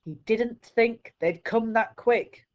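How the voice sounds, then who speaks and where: A woman's voice: fairly high pitch, slow, muffled recording, voice pushed up. A woman doing a tense frightened father.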